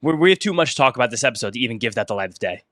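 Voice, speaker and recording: Young new guy on a podcast, quick and bright, dry close mic. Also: mid-range voice, expressive, dry recording. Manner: fast, analytical, stat-heavy. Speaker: podcast co-host. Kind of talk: casual sports talk.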